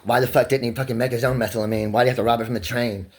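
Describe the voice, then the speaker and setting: A man in his twenties talking in a rambling, pressured rush, swerving between laughter, near tears and shouting, loud and swearing often. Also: medium pitch, racing. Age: 20s. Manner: loud and expressive, heavy swearing. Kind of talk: emotional monologue to camera.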